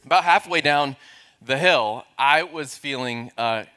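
A man's voice: medium pitch, measured pace, sharp tone, clear, resonant tone. A man in his forties, a pastor, telling a self-deprecating, humorous story during a sermon.

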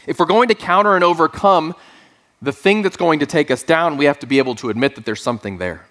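Conversational man preaching, fairly high voice. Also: fast, a bit bright. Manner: conversational and self-deprecating, with dry asides. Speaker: pastor. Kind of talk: sermon.

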